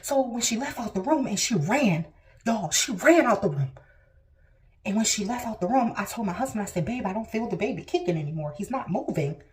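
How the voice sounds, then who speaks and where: A woman's voice: expressive, a little fast. Emotional woman telling a painful story. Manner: emotional, acts out quotes with big pitch jumps. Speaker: vlogger. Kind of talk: personal storytelling to camera.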